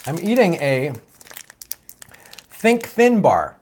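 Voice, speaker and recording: A man from the United States hosts a live-stream political show, reading viewer comments and questions in a loose, joking, profane way with many fillers and trailing asides. His fairly high voice is animated and unhurried, with long pauses and slight background noise.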